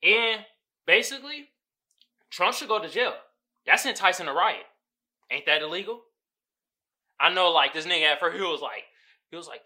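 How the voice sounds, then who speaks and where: Male podcast host, profane and animated, bright edgy voice. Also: high-pitched, moderate pace, long pauses. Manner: animated, profane, mimics people in quoted voices. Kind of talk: casual commentary monologue.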